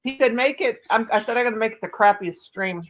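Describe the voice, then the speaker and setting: A woman's voice: on the high side, fast talker, poor audio. A woman in her fifties hosting a live stream, telling candid, rambling stories in casual chat. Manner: blunt, candid rambling storyteller.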